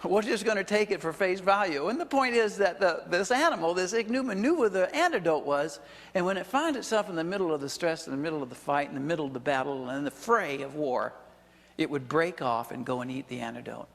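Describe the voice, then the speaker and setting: A man's voice: a little high, expressive, a little fast, vocal fry, fairly bright tone, in a large hall. A male pastor preaching a sermon, talking conversationally with chuckling asides and questions to the congregation. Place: church sanctuary.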